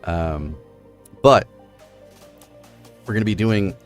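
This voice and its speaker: With faint music behind him, a streamer talks slowly in a fairly low voice. He wanders casually through poetry forms, leaning on fillers and frequent "right?" checks.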